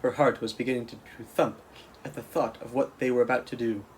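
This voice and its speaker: A man reading a children's storybook aloud in a steady, plain way, with small restarts. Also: mid-range voice, brisk, a little hiss or hum, poor audio. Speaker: camp counselor reading aloud.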